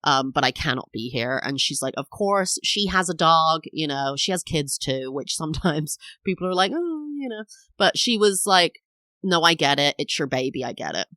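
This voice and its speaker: A woman's voice: low voice, animated, normal speed, sharp tone, no echo. A woman in her thirties, a podcast host telling a personal story in a chatty, rambling way, full of fillers and acted-out quotes. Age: 30s.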